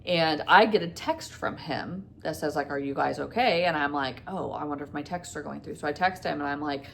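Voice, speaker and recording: A woman's voice: sits low, fairly quick, gravelly, few pauses, fairly bright tone, slight background noise. A woman vlogger casually retelling a frightening event, rambling and quoting dialogue with lots of fillers. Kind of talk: casual storytime.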